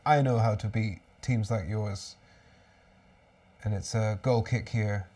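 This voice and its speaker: A man's voice: fairly low pitch, fairly even intonation, slow pace, dark tone, distant mic. A man hosting a live fan watchalong stream, commentating on the match with exasperated outbursts and resigned muttering.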